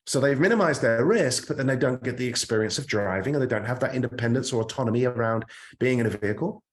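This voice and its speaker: British male coach, earnest and emphatic, motivational online talk, middle pitch. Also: quick pace. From United Kingdom. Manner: earnest, emphatic, repeats words when stressing a point. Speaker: career coach.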